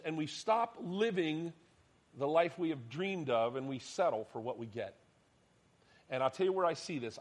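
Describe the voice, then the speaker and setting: A middle-aged male pastor delivering a sermon in an animated storytelling way. His voice jumps up loud for emphasis, then drops to a hushed near-whisper. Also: on the high side. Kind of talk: sermon with personal stories.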